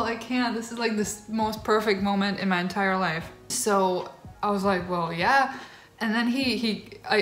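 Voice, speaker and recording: A young woman vlogger telling a personal story in a casual, gushing way, emotional and near tears, with lots of fillers. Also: medium pitch. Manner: gushing, tearful excitement, filler-heavy. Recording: roomy echo.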